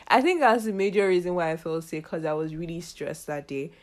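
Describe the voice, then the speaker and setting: A young woman talks casually on her podcast. Her voice sits a little low, and she laughs often. She slips into the people she quotes as she tells her story. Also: lively intonation, a little fast. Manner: chatty, laughs often, acts out quoted dialogue. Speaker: podcast host. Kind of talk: casual chat.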